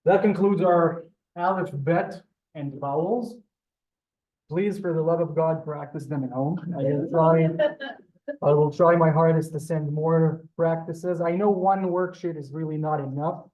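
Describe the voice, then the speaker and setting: A man's voice: on the high side, steady tone, measured pace, lo-fi sound. Polite young-sounding male Hebrew teacher. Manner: polite, says "sir" often, chatty. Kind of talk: live beginner language class. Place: synagogue classroom, also streamed on Zoom.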